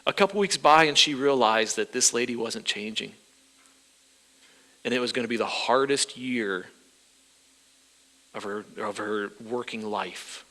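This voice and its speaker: A male pastor preaching a sermon in a church, animated, his voice rising as he acts out people's prayers. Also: mid-range voice, a little slow, long pauses. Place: church sanctuary. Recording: reverberant church hall.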